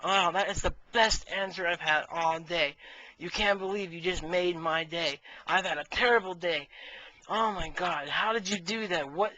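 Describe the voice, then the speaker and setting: A man voicing a vain, quick-tempered male boss with no ears who shouts in outbursts. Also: high-pitched, a little hiss or hum, low-quality recording. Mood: overjoyed. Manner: shouts in outbursts, then gushes.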